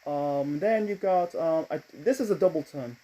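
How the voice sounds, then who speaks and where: A man's voice: on the high side, normal speed, dark tone, rough recording. Rambling man reviewing old wrestling. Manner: rambling, self-correcting, profane. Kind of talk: casual spoken review.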